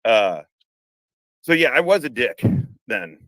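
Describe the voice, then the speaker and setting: A man hosting a podcast chats casually in a live conversation, swearing a lot and rambling with frequent restarts. His voice is medium-pitched, very animated and fairly bright, but he speaks slowly. The recording is dry and rough, made in a room at home with a car parked outside.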